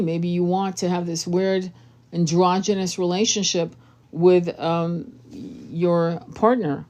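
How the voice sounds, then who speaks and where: A woman's voice: lowish voice, dark tone. A woman tarot reader giving blunt, profane relationship advice in a casual monologue.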